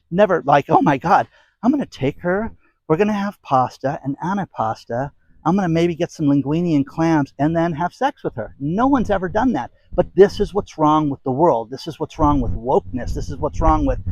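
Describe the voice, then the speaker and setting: A man's voice: on the high side, a little mellow, no room sound, poor audio. A middle-aged man hosting a commentary channel, ranting bluntly and emphatically to camera, with sarcastic asides and repeated phrases. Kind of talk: opinionated rant to camera.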